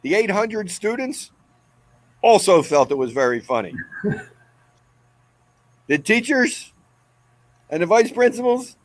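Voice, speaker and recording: A man, the guest, telling a comic story in an animated, excitable way. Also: sits high, takes it slowly, pauses often, a little hiss or hum. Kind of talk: comedic storytelling.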